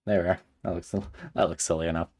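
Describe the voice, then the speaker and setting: Guy streamer w a really low voice reading a visual novel out loud, gets all exasperated n chatty. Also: quick pace, husky. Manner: animated, exasperated asides. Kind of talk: reading a visual novel aloud with live commentary.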